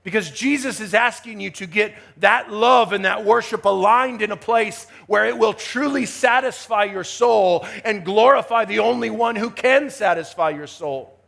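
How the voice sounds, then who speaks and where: A man delivers a chapel sermon in a high, gravelly voice. He preaches emphatically, dropping to hushed asides and building to rising exhortation. His voice keeps a rough, creaky texture throughout. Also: moderate pace, few pauses. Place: university chapel.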